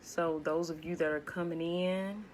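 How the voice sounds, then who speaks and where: A woman with a low voice talks casually to a live-stream audience from her home. Her delivery is laid back and hushed, and she greets viewers by name as she goes. A faint noise sits under the phone recording. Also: fairly even intonation, measured pace. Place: at home, indoors.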